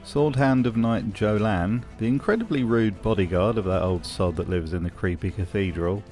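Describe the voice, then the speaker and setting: A man's voice: on the low side, moderate pace, a little mellow, soft background music. A man narrating a video essay in a dry, wry tone. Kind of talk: scripted narration.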